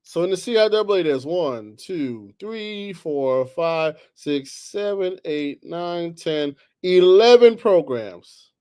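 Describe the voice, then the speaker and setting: Male sports talk host with a high voice, ranting in heated, exasperated bursts. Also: expressive, slow, few pauses, clean tone. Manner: heated, exasperated, swings between loud outbursts and low muttering. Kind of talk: animated solo sports talk.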